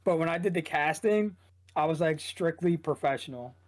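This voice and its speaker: A man chatting casually as a podcast guest, talking loosely and rambling with lots of "like". His voice sits a little high for a man. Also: normal speed. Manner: loose, rambling, heavy use of "like". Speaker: esports shoutcaster and guest.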